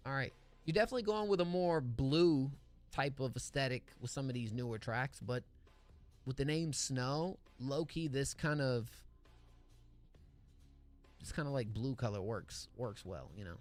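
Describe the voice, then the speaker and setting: A man's voice: medium pitch, lively intonation, a little slow, pauses often, darkish tone, faint music behind. A man reacting to listener songs on a stream, talking in laid-back slangy banter and calling people dog. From California. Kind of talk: casual stream commentary.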